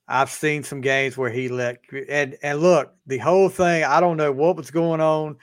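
A man's voice: fairly high pitch, fairly even intonation, moderate pace, dry recording, studio quality. A man hosting a sports podcast, chatting casually and animatedly as he tells stories and acts out quoted dialogue. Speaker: podcast host.

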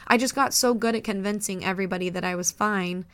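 A woman's voice: mid-range voice, fast talker, a bit bright. A woman co-hosting a podcast in casual chat, chatty and emotional, laughing often. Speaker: podcast co-host.

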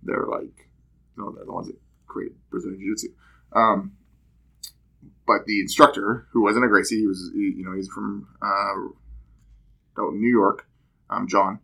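A man's voice: on the low side, unhurried, vocal fry, long pauses. A man chatting casually about a training course, telling stories and acting out what others said. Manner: animated storytelling, acts out quoted speech. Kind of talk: casual podcast chat.

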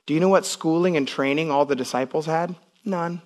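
A male pastor preaching in an animated way, his voice sitting somewhat high for a man. He builds up to loud, intense passages, then drops down to soft, quiet lines. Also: brisk. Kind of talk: sermon. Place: church.

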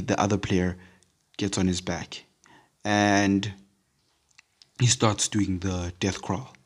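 A man giving a casual devotional talk to Christians, rambling and repeating words with lots of fillers. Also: low-pitched. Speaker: podcast speaker.

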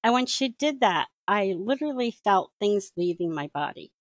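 A woman's voice: medium pitch, moderate pace, dry recording. Woman telling her own story, dry sound. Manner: animated, laughs often, acts out her own thoughts. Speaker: interview guest, former witch. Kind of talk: personal testimony, casual storytelling.

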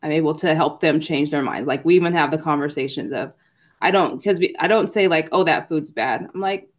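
A woman's voice: sits low, brisk, lo-fi sound. A young mother guest speaking in an earnest, reflective way on a podcast. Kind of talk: casual interview chat.

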